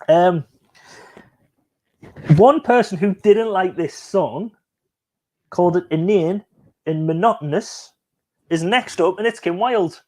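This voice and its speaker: A man's voice: high-pitched, slow, long pauses, a little mellow. A man hosting a casual live stream, joking and chatting as he reacts to music videos and reads out viewer comments.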